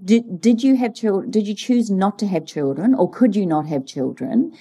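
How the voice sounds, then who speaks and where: Podcast co-host, woman in her 40s, mellow husky tone, animated storyteller. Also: medium pitch, moderate pace. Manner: animated storyteller, acts out dialogue. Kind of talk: casual chat.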